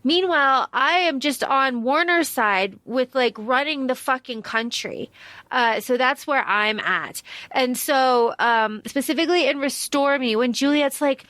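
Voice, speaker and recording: A young woman co-hosts a casual book podcast with a high voice. She talks bluntly and swears freely. Her voice is recorded close and dry, with no room sound. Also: a little slow, a bit bright, no echo. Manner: blunt, swears freely, acts out characters mockingly. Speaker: podcast co-host.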